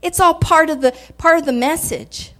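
High-voiced laughing woman preacher. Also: normal speed, fairly bright tone. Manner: folksy, laughing storytelling preacher. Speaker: guest speaker. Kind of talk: sermon.

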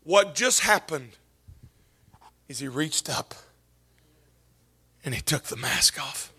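A man preaching a sermon as pastor, swinging from hushed whispers up to shouted, tearful peaks. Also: on the high side, lively intonation, takes it slowly, breathy edge.

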